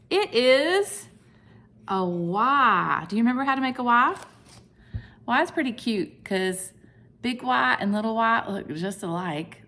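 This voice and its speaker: A woman teaching a video lesson for young children at home, animated and sing-song, with whispered asides. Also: a little high. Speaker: preschool teacher.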